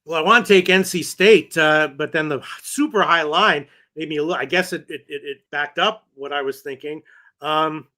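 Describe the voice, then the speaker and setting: A man with a bright, forward voice and slightly raised pitch talks through his betting leans. He hesitates often, using "you know" and "uh" as he reasons aloud in a relaxed, chatty way. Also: normal speed. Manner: hesitant, thinks aloud with many fillers. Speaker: sports betting show co-host. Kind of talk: casual sports betting talk.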